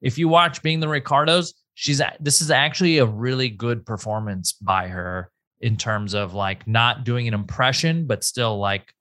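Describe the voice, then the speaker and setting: A man's voice: medium pitch, normal speed, hardly any pauses, a bit bright. A man co-hosting a podcast in casual chat, offhand and chatty, giving loose opinions and swearing casually. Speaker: podcast co-host.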